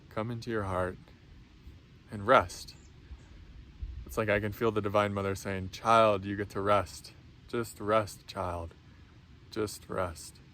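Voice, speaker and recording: A man giving a gentle spiritual talk as a teacher, speaking softly and reassuringly with frequent ums and restarts. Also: on the low side. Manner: soft, slow, reassuring, with many ums and restarts.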